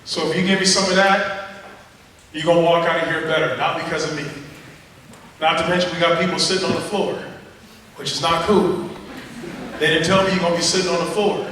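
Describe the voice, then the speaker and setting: A man giving a motivational speech at a school assembly, telling stories with animated, joking energy and talking straight to the students. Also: fairly high pitch, brisk, long pauses. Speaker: motivational speaker. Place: large high school gym. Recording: echoey gym from far off, audience noise.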